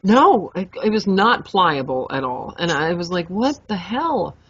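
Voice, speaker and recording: A young adult woman co-hosting a podcast, telling a story in a lively, animated way, swearing freely and acting out her own reactions. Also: fairly low pitch, moderate pace, no echo. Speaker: podcast co-host. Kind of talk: casual storytelling chat. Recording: dull lo-fi podcast mic.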